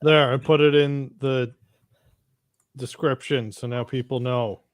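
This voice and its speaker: A man's voice: medium pitch, steady tone, a little slow, dry recording. A man co-hosting a casual pop culture show, talking bluntly and swearing now and then. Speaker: podcast co-host. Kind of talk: casual chat.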